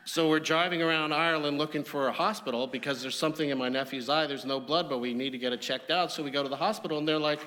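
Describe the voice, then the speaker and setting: A man's voice: a little high, fast, few pauses, pushed and bright. A man giving a memorial eulogy, telling humorous anecdotes in an easygoing storytelling way. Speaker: eulogy speaker. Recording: long hall reverb.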